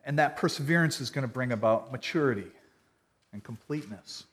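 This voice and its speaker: A man preaching a sermon in an earnest, conversational way, swinging from loud emphasis to quiet. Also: medium pitch, a little fast. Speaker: pastor.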